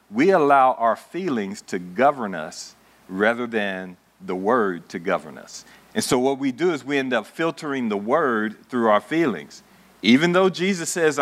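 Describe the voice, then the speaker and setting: A man's voice: medium pitch, fairly bright tone. A man preaching a sermon to a congregation, building emphasis and asking the room questions. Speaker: pastor. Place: church in front of a congregation.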